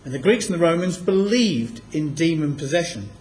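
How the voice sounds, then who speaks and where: A man teaching from the Bible, reading passages aloud and slowing down to stress key words. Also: fairly high pitch, animated, a little mellow, soft background music. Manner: emphatic, slows down to stress quoted scripture. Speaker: preacher.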